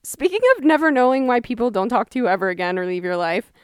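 Woman in her 20s rambling through a funny story, wry and chatty, smooth voice, dry close mic. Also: fairly high pitch, animated, fast, dry recording. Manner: chatty, wry, quoting people in exaggerated voices. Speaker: podcast host. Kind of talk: casual storytelling monologue.

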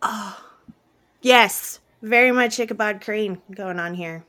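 A woman hosting a podcast in casual chat, expressive and gushing, with frequent exclamations. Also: medium pitch, slow. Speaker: podcast host.

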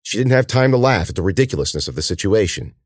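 A man with a very low voice reads a horror story aloud, letting his pitch rise and fall with vivid expression. The narration is measured and dramatic. The recording is close and dry, with no room sound. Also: big pitch swings, no echo. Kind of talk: audiobook reading of a horror story.

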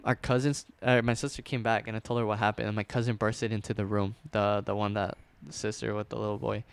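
A man's voice: fairly low pitch, flat delivery, quick pace, creaky, clear, resonant tone, no room sound. A young man telling a story in a casual chat, loose and slangy, with plenty of swearing and filler words.

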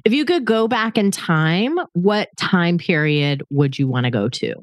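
A woman's voice: lowish voice, lively intonation, unhurried, no echo, studio quality. A woman in her forties hosting a podcast, chatting playfully with her sister and laughing often. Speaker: podcast host. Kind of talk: casual chat between sisters.

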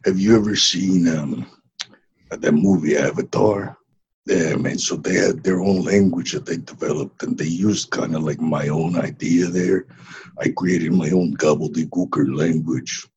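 A man's voice: sits low, fairly even intonation, a little slow, a little mellow, lo-fi sound, a little hiss or hum. A man playing a laid-back Mexican ex-wrestler who hatched from an egg, drawling and saying "man" constantly in a comedy interview. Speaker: interview guest.

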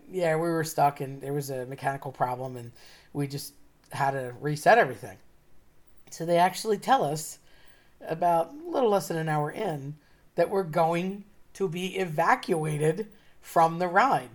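A woman telling a personal story in a casual, chatty way, wry and often laughing as she talks. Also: sits low. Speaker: storyteller host.

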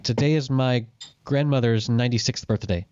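A man chatting casually with a friend over a call, dropping quick jokes and puns. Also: mid-range voice, darkish tone, smooth, lo-fi sound. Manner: wisecracking, quick interjections.

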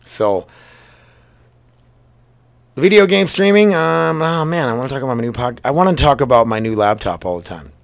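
A man's voice: mid-range voice, lively intonation, moderate pace, creaky, pauses often, dry recording. A man hosting his own podcast solo, talking in a loose, rambling and upbeat way from a storage room at work. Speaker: podcast host. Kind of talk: casual solo podcast chat. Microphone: laptop microphone.

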